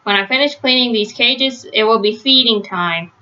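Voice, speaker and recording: Lady doing a earnest little aardvark boy from a storybook, bright highish voice, kinda muffled lo-fi recording. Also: moderate pace.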